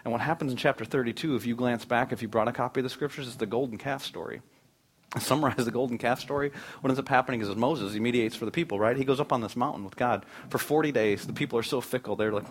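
A man in his thirties, a pastor preaching a conversational sermon with animated storytelling in a church. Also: mid-range voice, quick pace, breathy edge.

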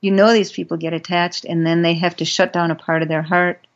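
A woman, a guest on a podcast, telling stories in an earnest, gentle way and getting animated as she goes, on a dull lo-fi recording. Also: on the low side, brisk. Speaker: guest, animal rights advocate. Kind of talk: conversational podcast storytelling. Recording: dull lo-fi sound.

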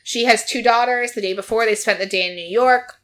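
A woman with a bright, forward voice tells a story in a casual chat. She keeps talking, fills her lines with "like" and acts out what people said. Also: fairly high pitch, brisk. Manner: chatty storytelling, acting out quotes, frequent "like". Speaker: podcast co-host recapping a reality show.

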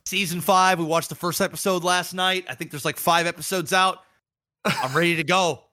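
Man, podcast co-host, casual chat, bright forceful tone, lively storytelling, swears a lot. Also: moderate pace. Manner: animated storytelling, acting out quoted people in bursts of pitch, profane.

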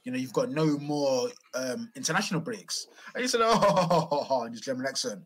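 A man's voice: mid-range voice, expressive, moderate pace, hardly any pauses, slightly rough. A man, co-hosting a casual sports chat, explaining earnestly with restarts. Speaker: podcast co-host.

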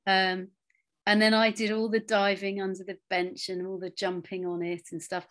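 A middle-aged woman, an actress, telling anecdotes in a relaxed interview, with quiet asides and lively storytelling. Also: medium pitch, moderate pace.

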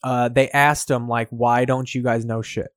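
A man's voice: medium pitch, level tone, moderate pace, smooth, dry recording, clean studio sound. A man in casual podcast chat, telling a rambling story and acting out the quotes.

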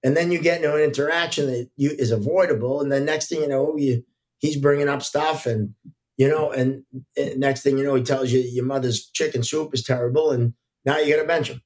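Man telling relaxed referee stories. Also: medium pitch, fairly quick. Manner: relaxed, anecdotal, frequent fillers. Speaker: hockey referee and guest. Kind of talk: casual podcast storytelling.

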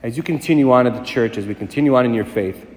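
Fast-talking priest preaching in an echoey church. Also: male voice, medium pitch, a little mellow. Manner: fast-talking, emphatic, rising to intensity. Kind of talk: sermon. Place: large church hall. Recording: echoey church hall with long reverb.

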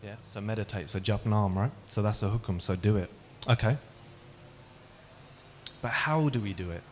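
A man's voice: lowish voice, normal speed, slight background noise. A man giving an interactive talk, asking the audience questions and telling stories. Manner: engaging, asks the audience questions. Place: hall with an audience.

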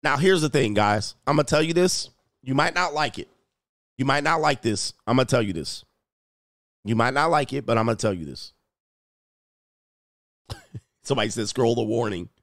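Guy doing reaction commentary, super animated pitch, blunt and mocking, dry sound. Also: moderate pace, pauses often, dry recording. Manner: blunt, mocking, repeats phrases for emphasis. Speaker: commentary channel host. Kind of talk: reaction commentary on a video clip.

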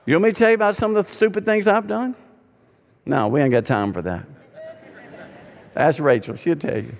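A man preaching a sermon as pastor, swinging between loud emphatic lines and hushed ones. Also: fairly high pitch. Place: church sanctuary. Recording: long hall reverb.

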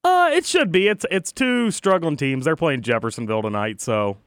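A man's voice: fairly high pitch, lively intonation, normal speed, a bit bright, clean tone, no echo, studio quality. A young man producing a radio show, easygoing and chatty, laughing now and then. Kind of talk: casual radio chat.

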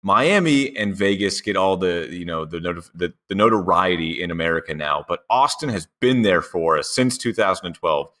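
A man's voice: low-pitched, animated, normal speed, few pauses, a bit bright. A man co-hosting a podcast, talking in playful, cheeky banter. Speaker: podcast co-host.

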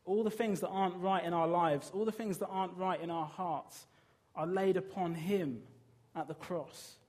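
A man's voice: high voice, fairly even intonation, normal speed, darkish tone. A man preaching a sermon in an earnest, emphatic way, putting rhetorical questions to his listeners.

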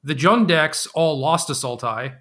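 Man, casual podcast chat, slightly high voice, bright and tense, rambling, lots of fillers. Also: a little slow. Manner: laid-back, rambling with fillers. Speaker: podcast co-host.

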